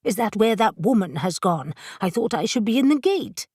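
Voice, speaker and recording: A woman's voice: mid-range voice, sing-song, moderate pace, a little mellow, breathy edge, no room sound, studio quality. A woman voicing a blunt, impatient woman witch who speaks brusquely. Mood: urgent.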